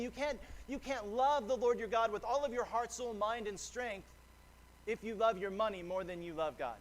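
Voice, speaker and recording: A man's voice: high-pitched, normal speed. A man preaching a sermon as pastor, earnest and conversational, often restarting a phrase. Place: church sanctuary.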